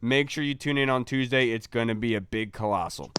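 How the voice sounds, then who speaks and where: A man's voice: medium pitch, a little fast, a bit bright, slight background noise. A man hosting a casual sports podcast, speaking in an upbeat, chatty way. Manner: upbeat sign-off patter. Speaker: podcast host.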